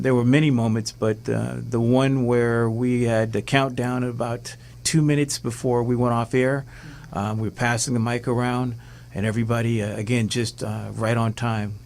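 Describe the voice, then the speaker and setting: A man whose voice is hoarse from losing it, talking excitedly as a guest on a talk show and rambling through many fillers. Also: mid-range voice, a little hiss or hum. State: hoarse, lost his voice. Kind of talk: casual chat.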